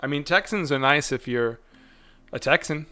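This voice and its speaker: A man's voice: a little high, moderate pace, sharp tone. A man hosting a casual livestream chat, rambling along and laughing often. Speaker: host.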